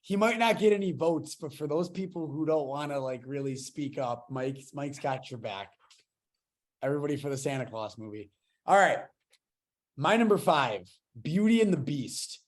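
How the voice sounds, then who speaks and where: A man's voice: fairly high pitch, expressive, normal speed. A young man in his twenties hosting a casual podcast, talking enthusiastically and restarting his sentences as he rambles. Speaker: podcast host.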